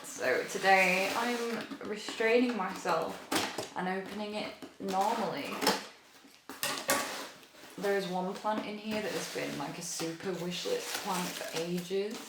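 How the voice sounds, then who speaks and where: A young woman chatting excitedly to her viewers as she unboxes plants in a casual vlog, gushing and chatty. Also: mid-range voice, slow pace. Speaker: plant vlogger. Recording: roomy echo, noisy background.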